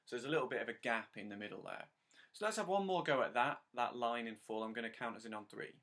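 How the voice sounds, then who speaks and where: Bright-voiced man teaching harmonica. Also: mid-range voice. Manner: counts in and sings lines slowly; encouraging, patient. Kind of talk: step-by-step music lesson.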